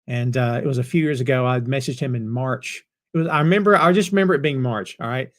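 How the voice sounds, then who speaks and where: A man's voice: medium pitch, fast. A man hosting a wrestling podcast, chatting casually with live viewers and greeting them by name. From North Carolina. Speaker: podcast host. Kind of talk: casual chat reading live comments.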